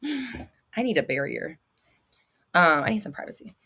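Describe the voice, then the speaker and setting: A young woman hosting a casual livestream, reading viewer comments and coaching them in a blunt, excitable way, swearing freely and laughing often. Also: medium pitch, measured pace, slightly rough. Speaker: manifestation coach and livestream host.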